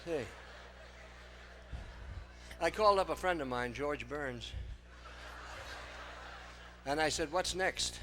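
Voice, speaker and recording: A man's voice: a little high, slow, long pauses, a bit bright, slight background noise. An older man doing breathless, self-mocking stage patter between dance numbers in front of a live audience. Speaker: song-and-dance entertainer.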